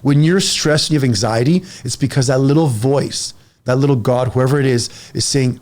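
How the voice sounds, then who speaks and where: A mid-range voice belongs to this man in his forties, a fitness coach speaking on a casual podcast. He talks in quick bursts with repeated words, emphatic and animated throughout.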